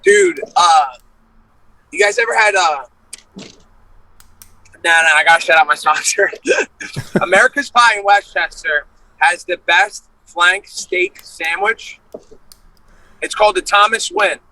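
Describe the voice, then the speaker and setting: A young man from Pennsylvania, a fighter as a guest, talking in an excited, slangy way. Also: high-pitched, unhurried, long pauses, poor audio. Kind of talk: casual interview chat.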